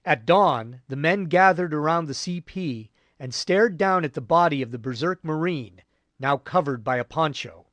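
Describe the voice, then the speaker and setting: A man narrating a war history audiobook in a measured, grave storytelling voice. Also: on the high side, fairly bright tone, no room sound. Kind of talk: scripted narration.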